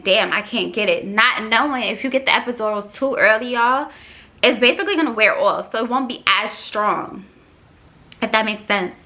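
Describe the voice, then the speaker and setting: A young woman from New tells a story to her viewers in a chatty, unfiltered way, swearing freely and leaning on fillers. Her voice sits fairly high and has a bright, forward ring. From Queens, New York. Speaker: vlogger. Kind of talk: casual story time.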